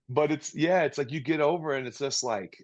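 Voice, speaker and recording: A man's voice: on the high side, normal speed, darkish tone, highs cut off. A man who is a guest on a podcast, chatting casually and rambling with many restarts. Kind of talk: casual interview chat.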